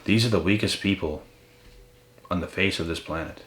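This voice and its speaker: Deep-voiced man ranting bluntly in an echoey room. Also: moderate pace, fairly bright tone. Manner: blunt, profane, confrontational. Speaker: motivational channel host. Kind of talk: ranting motivational monologue. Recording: echoey room with faint noise.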